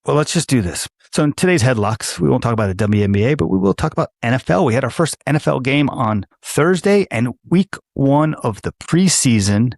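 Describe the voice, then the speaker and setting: A man from the United States co-hosting a podcast, chatting in a loose, rambling way and cracking jokes. His voice sits at an ordinary middle pitch and is recorded close and dry, with no room around it. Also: lively intonation, fairly quick, gravelly, few pauses, darkish tone, no echo. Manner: rambling, jokey storyteller. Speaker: podcast co-host. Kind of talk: casual chat.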